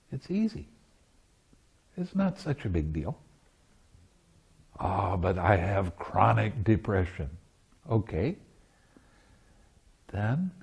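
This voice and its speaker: Man teaching meditation at a retreat; slow, relaxed and mellow, playful with frequent laughter. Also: medium pitch, husky, highs cut off. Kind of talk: dharma talk at a retreat. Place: meditation center.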